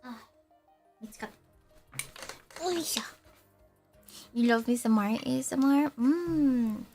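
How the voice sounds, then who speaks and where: A young woman streams and chats in a high, bright-toned voice, drifting from one thought to the next and giggling at herself. She speaks at an unhurried pace. Faint music plays softly underneath her voice. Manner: giggly, rambling, self-teasing, laughs often. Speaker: VTuber streamer. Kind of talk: casual livestream chat.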